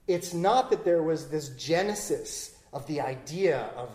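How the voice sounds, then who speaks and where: A Buddhist teacher giving a dharma talk to a class in a playful, animated way, often checking in with "right?" and demonstrating with objects. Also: mid-range voice, a little slow, few pauses. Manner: frequent tag questions "right?".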